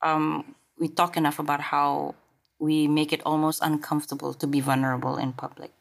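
A woman's voice: low-pitched, little pitch movement, fairly quick, vocal fry. A woman hosting a podcast, talking in a thoughtful, reflective way with plenty of fillers. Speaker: podcast host. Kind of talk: casual conversation.

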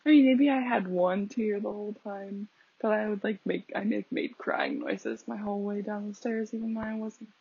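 A woman's voice: medium pitch, big pitch swings, normal speed, gravelly, slightly rough, dry recording. A young woman hosting a casual podcast, rambling chattily with lots of fillers and laughing at herself. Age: young adult. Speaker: podcast host. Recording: dull lo-fi home recording.

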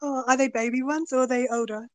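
Woman podcast host, fairly high voice, hesitant wording, dry close sound. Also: steady tone, fast talker, dry recording. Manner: hesitant, searches for words. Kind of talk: casual interview.

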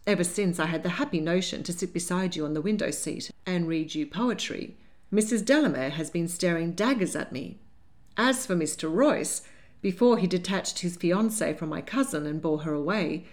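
A woman's voice: lowish voice, natural voice. A woman voicing a dandyish young duke who talks in a flowery, mock-dramatic way. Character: dandyish young duke, theatrical and self-mocking.

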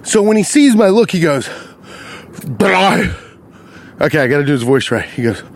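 Animated, profane podcast host ranting outdoors. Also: male voice, a little high, quick pace. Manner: animated, profane, riffs on his own story. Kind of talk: casual storytelling rant. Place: outdoors on a city street.

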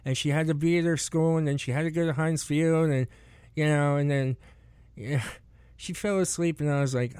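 A man's voice: a little high, fairly even intonation, normal speed, a little mellow, clear, resonant tone, no room sound. A man casually telling rambling stories about driving passengers, laughing often and acting out what people said. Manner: rambling, laughing, restarts and acted quotes. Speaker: rideshare driver telling stories. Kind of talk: casual podcast chat.

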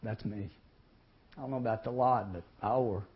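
A man preaching to a teen group, telling a Bible story and acting out its voices with lively energy. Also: on the low side, fairly quick. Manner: animated, acts out voices in the story. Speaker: youth speaker. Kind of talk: storytelling sermon. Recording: lo-fi recording.

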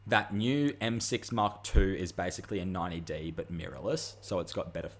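A young man co-hosting a loose, casual chat. His voice sits on the low side, and he talks in a chatty, swearing, ranting way with plenty of animated asides. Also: a little fast. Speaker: podcast co-host.

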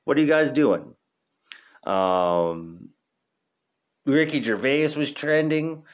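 A man's voice: mid-range voice, expressive, takes it slowly. A young man hosting a podcast in casual chat, laid-back and rambling, swearing freely, stoned. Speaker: podcast host.

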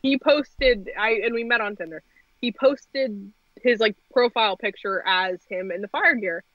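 A woman's voice: medium pitch, measured pace, no echo, highs cut off. A young woman co-hosting a casual podcast, telling stories with lots of laughter. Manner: animated storyteller, laughs often. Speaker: podcast co-host.

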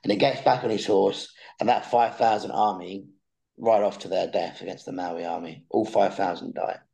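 A young man spins a long story in relaxed conversation, often doubling back on his words. His voice sits low and gravelly, with a mellow, dark tone. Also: normal speed, poor audio. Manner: animated storyteller who repeats words when starting sentences. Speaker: podcast guest.

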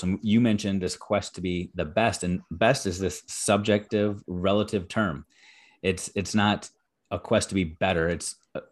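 An earnest man hosting an interview podcast, his voice sitting a little low for a man. He talks in a motivational, encouraging way and builds to emphatic praise. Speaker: podcast host.

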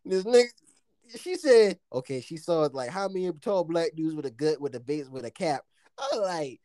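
Young US guy, slightly high voice, dry close sound, rowdy laughing storyteller. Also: normal speed, dry recording. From United States. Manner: animated, profane storytelling with frequent laughter. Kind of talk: casual chat.

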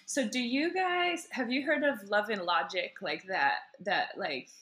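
A woman's voice: medium pitch, unhurried, a bit bright. A woman in her thirties chatting as a podcast guest, rambling and giggly with many fillers. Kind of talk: casual chat.

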